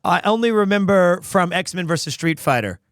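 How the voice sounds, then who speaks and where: A man's voice: high voice, expressive, normal speed, fairly bright tone, a little hiss or hum. A man streaming a game playthrough, reading the lines aloud with a joking, self-mocking manner. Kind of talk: casual voiced game playthrough.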